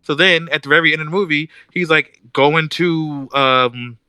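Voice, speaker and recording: Man, podcast co-host, animated ranter; bright, tense, slightly high voice, dry close mic. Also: moderate pace, clear, resonant tone, no echo. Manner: animated ranting, mimics characters mid-story. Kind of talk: casual chat.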